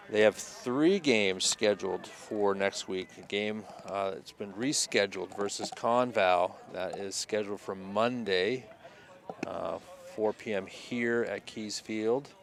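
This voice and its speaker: Low-voiced man calling local baseball. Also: gravelly. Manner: easygoing, chatty between pitches. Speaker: play-by-play announcer.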